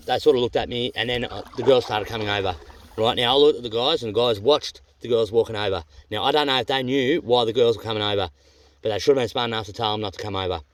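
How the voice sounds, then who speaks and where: A man with an Australian accent chatting casually while paddling a canoe on a river, blunt and rambling, swearing freely. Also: medium pitch. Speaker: vlogger on a canoe trip. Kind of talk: casual vlog chat.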